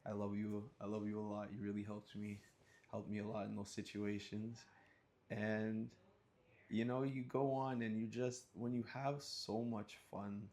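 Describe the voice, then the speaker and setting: A man casually telling a personal story, animated, with slang and sudden high-pitched acted outbursts. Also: measured pace. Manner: animated, acts out scenes with sudden high yelps and sound effects; relaxed slang-laced talk.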